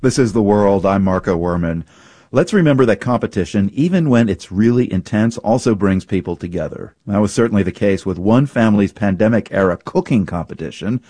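A male radio host giving a measured, conversational scripted introduction. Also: fairly low pitch, animated, mellow, no room sound.

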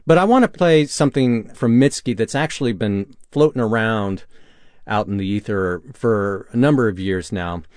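A man's voice: fairly low pitch, moderate pace, darkish tone, no room sound, studio quality. A man hosting a music radio show, chatting casually about new songs with enthusiasm and some teasing.

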